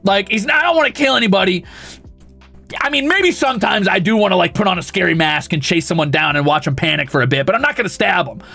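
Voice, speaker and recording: A man's voice: high-pitched, expressive, fast talker, creaky, sharp tone, faint music behind. A young man chatting casually on a stream, rowdy and mischievous, swearing often and laughing a lot.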